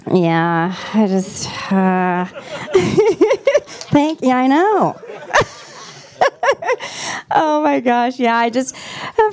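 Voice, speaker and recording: A woman in her forties doing a stand-up comedy set on a club stage, dropping deadpan punchlines between giggles and fillers. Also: medium pitch. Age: 40s.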